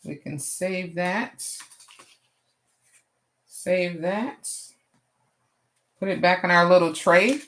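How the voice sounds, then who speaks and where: Extremely slow and full of pauses, this woman's fairly low, fairly bright voice carries a live crafting stream. She talks casually with viewers, answers the chat, laughs at herself often, and says "y'all" Southern-style.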